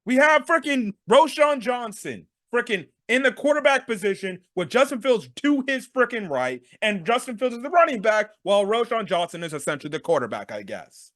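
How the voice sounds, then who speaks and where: A man's voice: very high-pitched, big pitch swings, a little fast, hardly any pauses, pushed and bright, dry recording, clean studio sound. A man hosting a sports talk show, ranting through a game recap with exasperated rhetorical questions. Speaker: sports podcast host.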